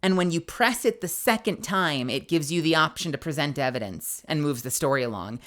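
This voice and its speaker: Her voice sits low and brisk as she streams a courtroom game, talking it through in live commentary. She's frustrated, profane, and animated, swearing as she plays.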